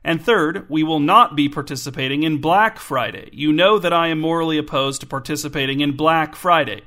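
An earnest, preachy dad who lays out his arguments point by point, voiced by a man reading a story. The voice is pitched up a bit from the narration and sounds eager and insistent. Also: fairly quick, bright, forceful tone. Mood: earnest, persuasive. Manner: earnest, lecturing.

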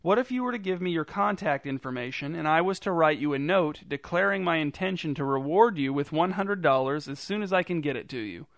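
A man's voice: a little high, expressive, brisk, hardly any pauses, no echo, clean studio sound. Man voicing a polite, apologetic woman. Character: flustered, gentle woman walking her dog.

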